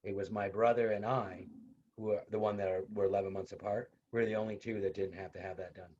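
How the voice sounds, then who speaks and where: A university instructor with a fairly low, husky, slightly mellow voice speaks fast and flatly in a casual online class. Heard through dull, lo-fi video call audio, he talks conversationally, repeats his points, and includes personal asides.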